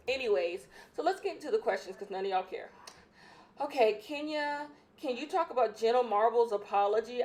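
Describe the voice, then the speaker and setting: A woman's voice: medium pitch, a little mellow. A young woman hosting a casual solo podcast, opinionated and emphatic, repeating her points, a bit out of breath. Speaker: podcast host.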